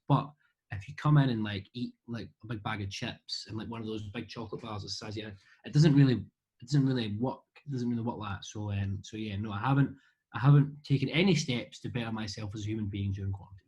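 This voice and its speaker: A man's voice: mid-range voice, darkish tone, husky, muffled recording. A man with a Scottish accent, answering fan questions over a video call in a rambling, jokey, self-deprecating way. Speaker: interview guest. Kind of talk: rambling casual chat. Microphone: video call webcam.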